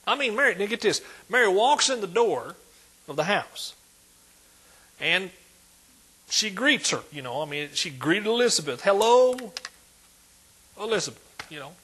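A man preaching a sermon, emphatic, swinging between loud declarations and hushed asides. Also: high-pitched, sing-song, normal speed, pauses often, slightly rough.

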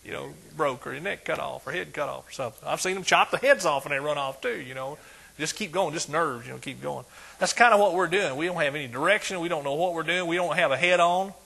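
A man preaching a sermon, folksy and animated, dropping soft and then rising loud. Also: a little high, fast talker, creaky, slightly rough.

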